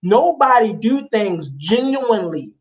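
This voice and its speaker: A woman's voice: a little high, expressive, unhurried, a little mellow. A woman guest in casual chat, telling stories emphatically in slang-heavy talk.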